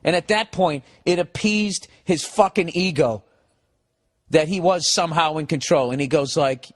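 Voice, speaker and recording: A man's voice: on the high side, moderate pace. Ranting, profane man. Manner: animated, swearing, acts out other people's lines, laughs. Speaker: comedian on his podcast. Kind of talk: profane comedic storytelling rant.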